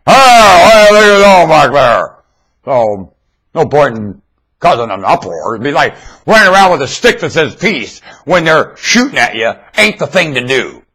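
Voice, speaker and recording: A man's voice: mid-range voice, sing-song, normal speed, sharp tone, slightly rough. A man rambling in a loose monologue to his webcam, stammering and repeating himself. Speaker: webcam vlogger. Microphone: webcam mic.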